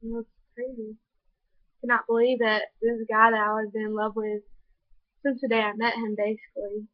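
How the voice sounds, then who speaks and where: A woman's voice: on the high side, no echo. A teenage girl telling a personal story in a vlog, earnest and gushing, with many "like" fillers. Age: teens. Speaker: vlogger. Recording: dull lo-fi home video audio.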